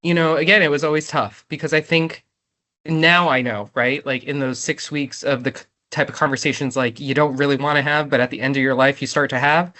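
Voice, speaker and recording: Tearful and speaking from the heart, a thirty-something woman talks as an interview guest in an emotional conversation, peppering her speech with "like" and "right?". Her low voice is fairly bright and fairly even in intonation, and she talks briskly.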